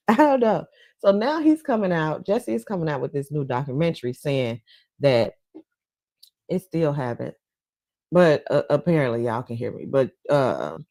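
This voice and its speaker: A woman's voice: deep voice, a little mellow, no echo. A woman hosting a livestream talk show, chatting casually and gossipily with her viewers and laughing between points. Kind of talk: casual commentary chat.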